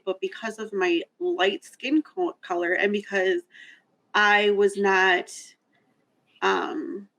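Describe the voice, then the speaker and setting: A woman's voice: medium pitch, a bit bright, low-quality recording. A woman hosting a casual discussion, talking candidly and reflectively and often restarting her thoughts. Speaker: host.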